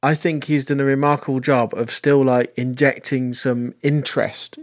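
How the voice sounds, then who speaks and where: A man's voice: medium pitch, flat delivery, moderate pace. A man on a film podcast panel, making brief, matter-of-fact remarks in casual chat.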